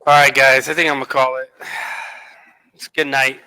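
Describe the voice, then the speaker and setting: A man's voice: mid-range voice, little pitch movement, normal speed, sharp tone, smooth, low-quality recording. A man hosting a casual stream chat, laid-back and laughing easily.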